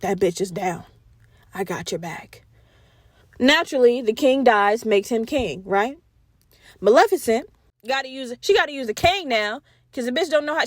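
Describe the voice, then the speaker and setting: A woman hosting a podcast, retelling a film plot as animated, profane, slang-heavy comedic storytelling. Her voice sits high. The recording is close and dry, with no room sound. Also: dry recording. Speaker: podcast host.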